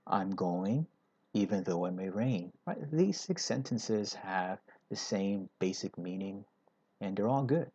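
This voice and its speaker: A man's voice: deep voice, animated, unhurried, darkish tone, slightly rough, no echo, muffled recording. A man teaching an English grammar lesson. He explains patiently, step by step, and often checks in with "right?".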